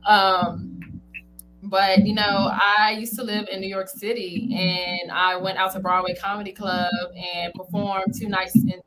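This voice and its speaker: A woman's voice: mid-range voice, flat delivery, a little slow, music in the background, low-quality recording. A woman guest on a talk show, a comedian chatting informally and laughing often. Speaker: guest, comedian and entertainment founder. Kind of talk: casual interview chat.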